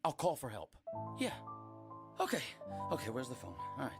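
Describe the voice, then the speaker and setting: A man's voice: mid-range voice, huge pitch swings, moderate pace, creaky. A frantic, swearing man on the run. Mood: panicked. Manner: frantic, swearing, whisper-shouting. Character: panicked man hiding from a killer. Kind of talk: video game voice acting. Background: loud music.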